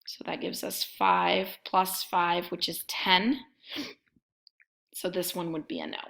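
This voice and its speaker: Slow, gravelly-voiced woman math teacher. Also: lowish voice, level tone, a bit bright. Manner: methodical, talks through each step while writing. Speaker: math instructor. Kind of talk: recorded math lecture.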